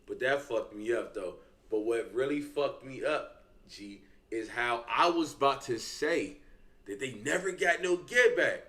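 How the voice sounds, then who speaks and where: A man's voice: medium pitch, measured pace, fairly bright tone. Slangy man reacting casually. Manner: loose, slangy and profane, talks straight to viewers. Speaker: reaction streamer.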